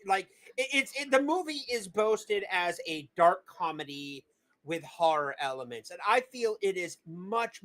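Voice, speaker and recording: A man hosting a casual livestream movie review, rambling, excitable and quick to swear. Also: high-pitched. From Massachusetts. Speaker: movie review show host.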